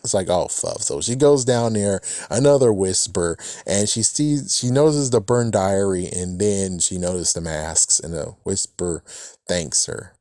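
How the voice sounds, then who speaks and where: A man's voice: low-pitched, measured pace, mellow, dry recording, clean studio sound. A man casually reviewing a TV episode, rambling and cursing often, with frequent "it's like" asides. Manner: rambling, profane, repeats "it's like". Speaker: show reviewer.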